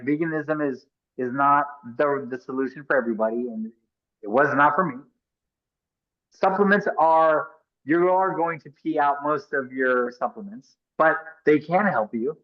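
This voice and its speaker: Middle-aged male podcast guest, earnest and emphatic, mid-pitched, dull lo-fi sound. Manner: earnest, emphatic, talks in rapid restarts and asides. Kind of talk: conversational interview storytelling.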